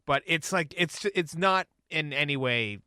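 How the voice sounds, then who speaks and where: A man's voice: on the high side, animated, measured pace, bright, forceful tone, smooth, dry recording. A man co-hosting a podcast in casual chat, rambling and hesitant, laughing easily. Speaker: podcast co-host.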